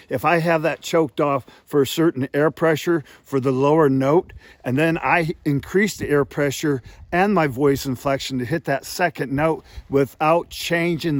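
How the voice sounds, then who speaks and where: A man's voice: fairly high pitch, no echo. A man with a slightly raised voice gives a step-by-step goose calling lesson. He sounds out honks and clucks to show the technique. The sound is dry and close. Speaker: goose call instructor. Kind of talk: instructional demonstration.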